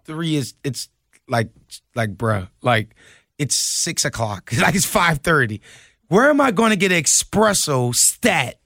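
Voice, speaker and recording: A young man, a podcast guest telling a story in an animated way and acting out the quotes. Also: a little high, measured pace, vocal fry, no echo, studio quality. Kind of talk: casual storytelling.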